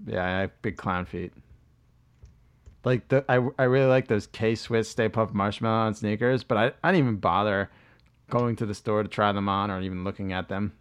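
A man's voice: lowish voice, steady tone, moderate pace, clear, resonant tone. A man, co-hosting a podcast and telling rambling, profane stories in casual chat. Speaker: podcast co-host.

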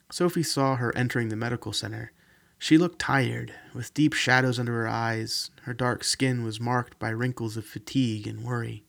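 A man narrating a fantasy novel in a steady, even reading. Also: medium pitch, normal speed, creaky. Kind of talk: audiobook reading.

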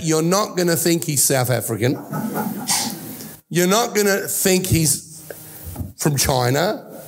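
Gravelly Australian pastor in his sixties. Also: fairly high pitch, expressive, slow pace, pauses often, slight background noise. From Italy. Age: 60s. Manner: earnest, personal storytelling with restarts. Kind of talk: sermon.

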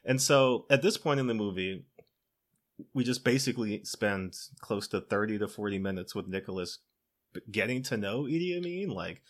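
A man with a somewhat low voice recaps a film for his podcast, talking loosely with plenty of "you know" and "like." He laughs as he goes and acts out the characters' lines in his own voice. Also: animated, moderate pace. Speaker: podcast co-host. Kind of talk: casual movie recap.

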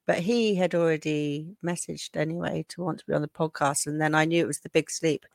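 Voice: mid-range voice, steady tone, brisk, gravelly, no room sound, clean studio sound. A podcast host from England in a casual chat, enthusiastic and emphatic.

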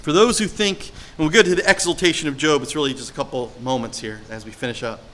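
Brightly emphatic male preacher. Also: medium pitch, fast talker, poor audio. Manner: emphatic, dramatic scripture reading with sudden loud and quiet turns; conversational, asks the audience questions. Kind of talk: sermon.

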